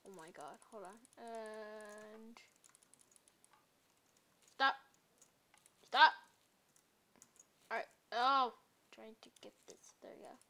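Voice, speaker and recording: A woman's voice: a little high, expressive, extremely slow, long pauses, pushed and bright. A woman narrating a casual building tutorial, counting blocks aloud and chatting to herself with playful little apologies to viewers.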